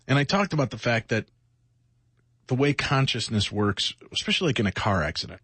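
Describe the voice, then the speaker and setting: A middle-aged man with a husky voice and a dry, close studio sound co-hosts a late-night radio show. He sounds worn out and short on sleep, rambling and reflecting with self-mocking asides. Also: mid-range voice, very animated, brisk, a bit bright, no echo. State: exhausted, sleepless. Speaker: radio co-host.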